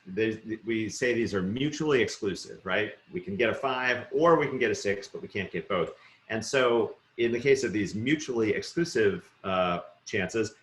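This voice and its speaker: A middle-aged man giving a recorded university lecture, talking quickly and casually with lots of fillers and rhetorical "right?" checks. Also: on the low side, fairly bright tone, roomy sound.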